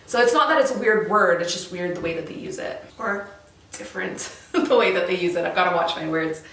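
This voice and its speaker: A young Canadian woman with a Canadian accent, chatting to camera in a relaxed vlog style, laughing often and trailing off mid-thought. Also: on the low side, brisk, far from the mic. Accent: Canadian English. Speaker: vlogger. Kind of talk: casual chat to camera. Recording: very echoey room, voice from off-mic.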